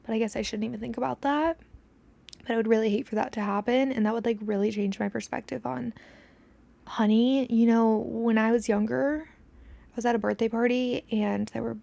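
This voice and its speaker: A woman's voice: on the high side, fairly even intonation, normal speed, creaky, warm tone. A young woman hosting a podcast, telling a story in casual chat, swearing freely and dropping to a whisper when she acts out scenes. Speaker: podcast host.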